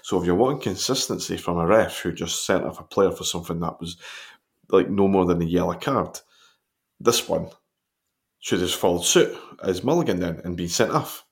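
A Scottish man co-hosting a podcast, talking through football incidents in a measured way. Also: low voice, creaky. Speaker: podcast co-host. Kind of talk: casual football chat.

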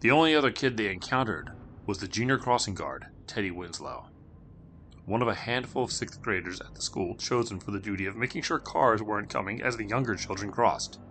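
A man's voice: lowish voice, lively intonation, brisk, a bit bright. A man narrating a spooky children's story with dramatic, shifting delivery.

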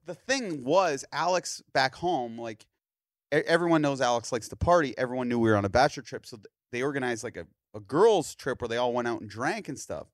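Animated man telling a story, very dry sound. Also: a little high, no echo. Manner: animated storyteller, acts out other people's lines. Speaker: podcast host. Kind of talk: casual storytelling chat.

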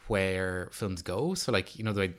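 A man's voice: low-pitched, normal speed. A man in his thirties co-hosting a casual film podcast, rambling and chatty with lots of fillers and restarts. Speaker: podcast co-host. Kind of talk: casual film review chat.

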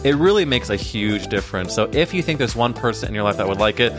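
A man's voice: on the low side, expressive, fast talker, over music. A man hosting a podcast in a playful, gushing, flirty manner. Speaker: podcast host. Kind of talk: casual podcast chat.

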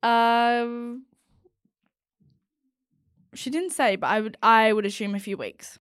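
A young woman co-hosting a podcast, reading listener stories aloud in a giggly, animated way. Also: on the high side, takes it slowly, smooth, no room sound, studio quality. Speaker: podcast co-host.

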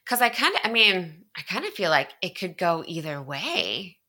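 An enthusiastic woman co-hosting a book podcast, giggling as she chats. Her voice is on the low side yet bright and clear. Her pitch rises and falls in a lively way. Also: moderate pace. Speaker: podcast co-host. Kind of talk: casual book discussion.

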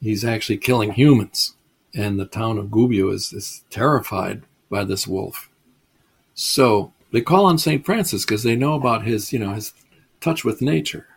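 Gravelly, husky male storyteller-lecturer. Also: on the low side, moderate pace. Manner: chatty and digressive, chuckles at the stories. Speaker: lecturer on mysticism.

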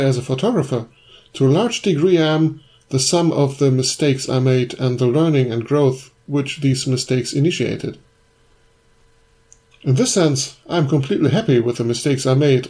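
Photographer guy, mellow warm voice, earnest and deliberate, stacks up his points. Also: medium pitch. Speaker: guest photographer. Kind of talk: reflective prepared answer.

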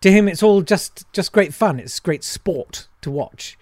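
A man's voice: high voice, expressive, measured pace, a little mellow, dry recording, clean studio sound. A man, a comedian and impressionist, chatting casually and self-deprecatingly in an interview.

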